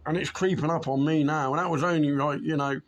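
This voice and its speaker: A man's voice: fairly high pitch, steady tone, a little fast, muffled recording, slight background noise. A man in his late fifties, a DJ, chatting casually in a vlog, swearing freely and rambling with chuckles. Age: 50s.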